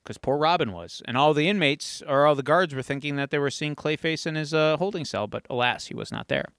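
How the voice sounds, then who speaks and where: A male podcast host with a high, bright voice, retelling an episode with lively storytelling energy. The sound is dry and close, with almost no room echo. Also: fairly quick, smooth. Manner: animated storytelling, acting out quotes. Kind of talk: casual episode recap.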